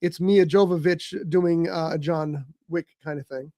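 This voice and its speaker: A man's voice: on the high side, fairly even intonation, a little slow, mellow. A man co-hosting a casual movie chat on a live stream, chatty and given to exasperated teasing. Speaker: co-host. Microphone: streaming mic.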